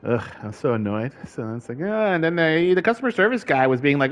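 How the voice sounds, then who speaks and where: A man's voice: fairly high pitch, very animated, a little fast, highs cut off. A man in a casual vlog, venting in an exasperated, profane way and laughing often as he talks. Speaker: vlogger. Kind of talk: casual ranting chat.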